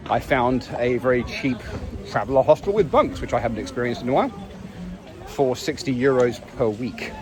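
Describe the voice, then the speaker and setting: Strolling through a busy city street, an Englishman films a casual travel vlog full of chatty, self-deprecating wit. His mid-range voice moves at normal speed, while the noisy street recording picks up traffic, city noise and crowd chatter.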